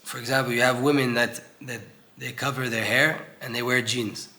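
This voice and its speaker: A man's voice: medium pitch, level tone, normal speed, pushed and bright. A young man teaching an informal Torah class in an old synagogue, earnest and conversational, acting out voices when he quotes people.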